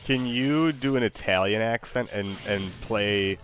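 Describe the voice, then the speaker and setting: A man's voice: fairly low pitch, unhurried, fairly bright tone, soft background music. A man chatting casually with an AI assistant, hesitant and stumbling over his words. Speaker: user chatting with an AI. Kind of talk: casual chat.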